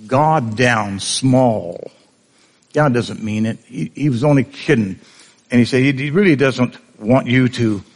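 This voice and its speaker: A male preacher giving a conversational sermon, often asking the congregation questions. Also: medium pitch.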